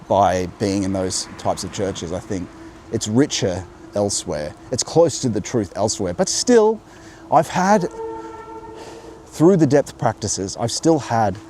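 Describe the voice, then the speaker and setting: A man with a General Australian accent muses aloud to his viewers while walking outdoors near a road, umbrella up in the rain, rambling reflectively as he finds his way. His voice is fairly low and dark in tone. This vlogger films on a handheld camera, and there's slight background noise.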